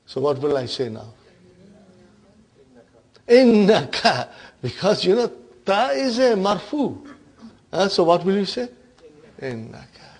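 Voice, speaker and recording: A man's voice: high voice, big pitch swings, normal speed. A man teaching an Arabic grammar class, who keeps checking in with his students and leads them in repeating phrases back to him. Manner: drills the class in call-and-response.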